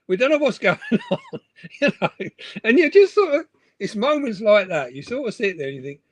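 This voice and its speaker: A man's voice: high voice, very animated, brisk, no echo. A middle-aged man, chatting and laughing on a live stream from his room at home. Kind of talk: casual chat.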